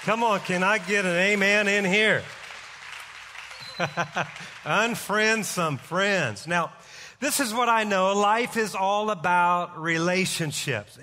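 A middle-aged pastor preaches with energy, mixing jokes into his sermon. His voice sits high and bright. A long hall reverb from the church sanctuary trails each phrase. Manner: energetic, joking storyteller.

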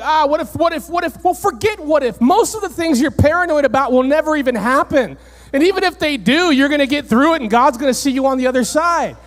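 High-pitched guy preaching, gets loud and fired up, big churchy reverb. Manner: animated, rising to near-shouts on key points. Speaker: pastor. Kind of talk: sermon. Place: church sanctuary, on stage.

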